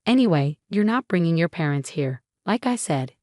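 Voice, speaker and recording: A woman's voice: on the low side, lively intonation, moderate pace, darkish tone, no room sound, studio quality, lightly acted. Woman reading as a harsh, hot-tempered young husband. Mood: angry. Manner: curt and angry.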